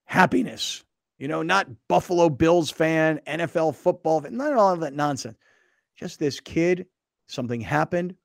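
A man hosting a casual sports talk show, telling stories in an animated way and laughing often. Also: on the high side, creaky, no echo, studio quality. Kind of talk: casual sports radio chat.

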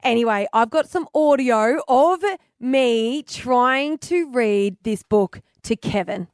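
A woman's voice: on the high side, slow pace, clear, resonant tone, no room sound, studio quality. Chatty woman radio co-host. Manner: chatty, laughs easily. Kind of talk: casual breakfast radio chat.

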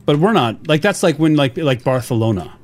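A man co-hosting a radio show who likes to take the opposite side with a wry joke. His voice sits a little high and moves a lot in pitch. His delivery is easygoing and teasing. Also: animated, brisk, slight background noise. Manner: wry, contrarian jokes. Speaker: radio co-host. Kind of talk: casual chat.

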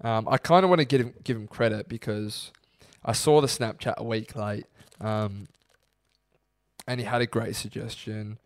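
A young Australian man co-hosting a podcast, telling a story with lively quoted voices. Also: on the low side, moderate pace, no echo, clean studio sound. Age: young adult. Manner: animated storyteller acting out quotes. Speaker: podcast co-host. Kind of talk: casual podcast chat.

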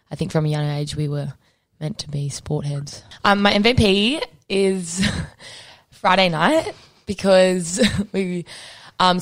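Brief: low-voiced woman co-host, easygoing and giggly. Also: no echo, studio quality. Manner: laughing, relaxed storytelling. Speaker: podcast co-host. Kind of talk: casual chat.

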